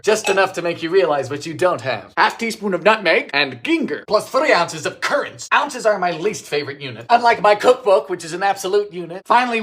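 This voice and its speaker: A young man from Bermuda, with a Bermudian accent, narrating a comedic baking video in a theatrical, campy way, switching between sudden high squeals and deadpan asides.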